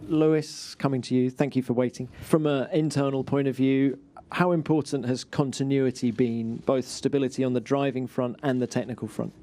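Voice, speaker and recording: A man's voice: medium pitch, steady tone, normal speed, mellow. A man moderating a press conference, putting polite, formal questions to the drivers.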